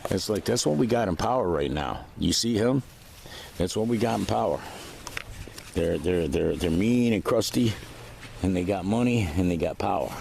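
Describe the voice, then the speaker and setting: A man's voice: deep voice, lively intonation, normal speed, creaky, darkish tone, slight background noise. A man ranting to camera in a vlog, rambling, profane and agitated. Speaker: vlogger. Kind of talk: casual rant to camera.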